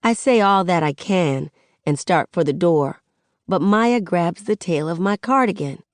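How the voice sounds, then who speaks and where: A woman reading a first-person audiobook in a measured, expressive way. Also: on the low side, dry recording, studio quality. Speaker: audiobook narrator.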